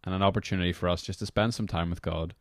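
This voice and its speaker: A young man with a very low, deep voice hosts a devotional podcast. He talks in a loose, rambling way, apologizing for his tangents as he leads into guided prayer. The sound is dry and close-miked. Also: fairly even intonation, rapid-fire, no room sound. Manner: casual, rambling, apologetic asides. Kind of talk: reflective podcast talk leading guided prayer.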